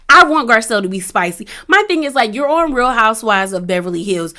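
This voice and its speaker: A woman's voice: fairly high pitch, brisk, hardly any pauses. A woman giving a sassy, casual recap of a reality show, acting out what the cast said. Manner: animated, sassy, acts out quotes.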